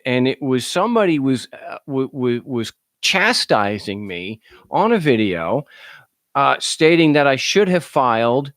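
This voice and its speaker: A man's voice: medium pitch, no room sound, studio quality. A man hosting a talk show, speaking in a casual, sarcastic way and often stumbling over repeated words as he starts sentences. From United States. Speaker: show host. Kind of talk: casual call-in show monologue.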